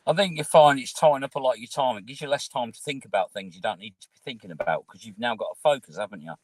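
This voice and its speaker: A man hosting a casual livestream from his car, relaxed and encouraging, reading out viewer comments. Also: mid-range voice, fast, no echo. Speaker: livestream host. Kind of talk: casual chat.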